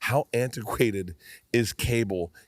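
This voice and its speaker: A man's voice: lowish voice, slow pace, dry recording, clean studio sound. A man in his fifties, a podcast guest telling rambling stories in casual chat and acting out quotes as he goes. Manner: rambling, animated storyteller who acts out quotes.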